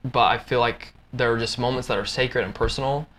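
A man's voice: medium pitch, fairly even intonation, fairly quick, fairly bright tone, a little hiss or hum. A young adult man hosting a podcast, retelling a film plot in a loose, rambling way full of "like". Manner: loose and rambling, heavy use of "like". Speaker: podcast host.

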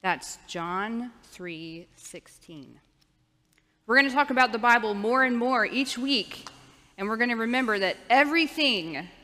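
A woman with a bright, clear voice gives a children's sermon in a church sanctuary. She speaks slowly and patiently, coaching the children to repeat after her. Her voice carries a long reverb from the big hall. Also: on the high side. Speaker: children's minister.

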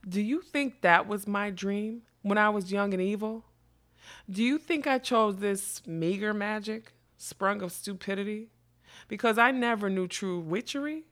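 A woman's voice: mid-range voice, a little slow, a bit bright, close to an everyday voice. A woman reading a storybook, voicing a scheming old carnival witch with a sweet, smoky, mocking voice. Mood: raging. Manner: mocking, snarling when crossed.

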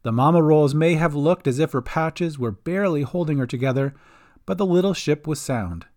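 A man hosting and narrating his own homemade storybook podcast in a friendly, lively way. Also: on the high side, normal speed. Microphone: homemade setup.

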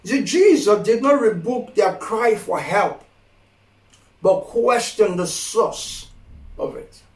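A man preaching a sermon, slow and emphatic, repeating phrases and rising to impassioned pleas. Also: high-pitched, animated. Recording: echoey room from far off.

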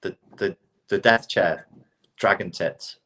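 A middle-aged British man co-hosting a casual podcast, talking in an animated, ranting way and swearing freely. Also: sits low, takes it slowly. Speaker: podcast co-host.

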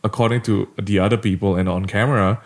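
A man's voice: on the low side, steady tone, quick pace. A man hosting a podcast in casual chat, playful and jokey. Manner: playful, jokey, breaks into laughs. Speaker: podcast host.

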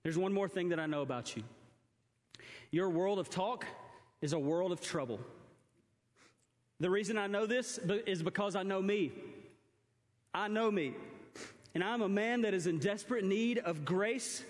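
This young pastor's voice sits high, moving at normal speed with long pauses, and a long reverb tail trails after him. Preaching to a congregation, he tells stories and mimics his baby daughter as well as himself.

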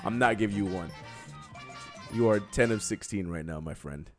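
A man's voice: on the low side, normal speed. A man hosting a casual live-stream quiz, teasing his co-host and laughing often, with faint music behind. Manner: teasing, laughs a lot, lively. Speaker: show host running a quiz.

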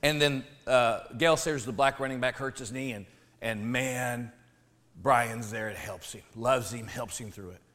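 A pastor tells a funny personal story during his sermon, a little slowly. He's animated and jokey, dropping his voice low and then shouting.

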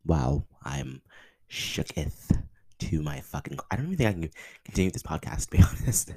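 Male podcast host, very low and gravelly, excitable, stammering, profane. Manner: excitable, stammering, swears a lot. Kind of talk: casual podcast monologue.

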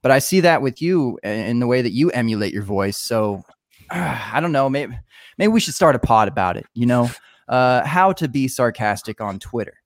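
A man's voice: mid-range voice, animated, moderate pace, dry recording, studio quality. A man co-hosting a podcast, joking and rambling in casual chat. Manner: laid-back, joking, rambling. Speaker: podcast co-host.

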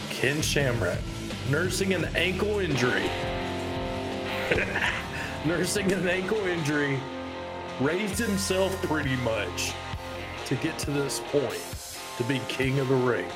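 A man's voice: on the high side, animated, slow, long pauses, loud music behind the voice. A man co-hosting a podcast, chatting casually about a wrestling show, laid-back and cursing freely. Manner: laid-back, swears, laughs often. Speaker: podcast co-host. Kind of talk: casual wrestling review chat.

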